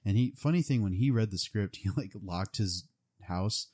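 A man's voice: fairly low pitch, normal speed, a little mellow. A young man casually retelling a movie plot, rambling with lots of fillers. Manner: rambling, full of "like" and "um".

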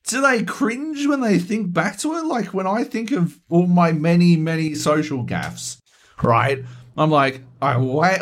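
A male podcast co-host in a loose, ranting chat, swearing constantly. His voice sits a little high for a man and swings widely up and down as he gets worked up. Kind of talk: casual chat.

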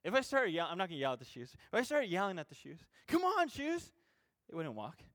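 A man with a high voice delivers an informal sermon as a youth pastor. He is animated, building to loud peaks and then falling to soft, self-mocking asides. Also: rapid-fire. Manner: animated, swings between loud emphasis and quiet asides.

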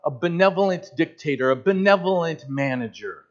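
A pastor in his fifties preaching a sermon in an animated, conversational way with joking asides. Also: on the high side, normal speed. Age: 50s. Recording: slightly dull lo-fi sound.

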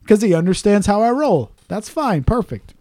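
A man's voice: sits high, very animated, moderate pace, warm tone, dry recording. A man telling a long story on a casual podcast chat, swearing often and ranting in exasperation.

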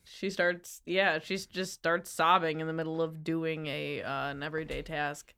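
A woman's voice: low voice, level tone, moderate pace, creaky, pushed and bright, clean tone. A woman playing a tabletop role-playing game, describing her character in a chatty, giggly way. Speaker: player.

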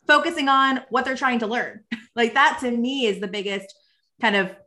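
A woman's voice: fairly high pitch, normal speed, pushed and bright. A woman hosting a podcast, talking in a casual, enthusiastic way with many restarts. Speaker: podcast host. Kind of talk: casual interview conversation.

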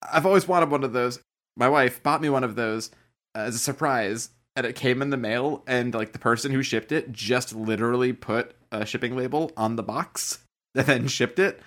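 Animated, swearing male podcast co-host. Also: medium pitch, moderate pace. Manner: animated storyteller, swears freely. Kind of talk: casual podcast chat.

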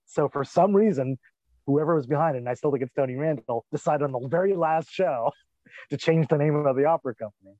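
A man's voice: on the high side, brisk, dark tone, no echo. Chatty man on a dull, dry mic. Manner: chatty, musing, with frequent restarts. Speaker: podcast co-host. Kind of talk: casual chat, TV episode discussion.

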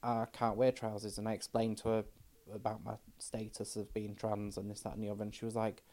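A woman's voice: a bass voice, monotone, fast, warm tone. A middle-aged trans woman, talking frankly as a podcast guest and telling stories with quoted dialogue. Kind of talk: casual chat.

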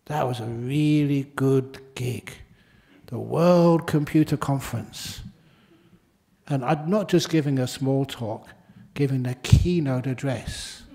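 A man's voice: medium pitch, a little slow, dark tone. A man, a Buddhist monk, giving a humorous dharma talk in a chatty way and laughing at his own stories.

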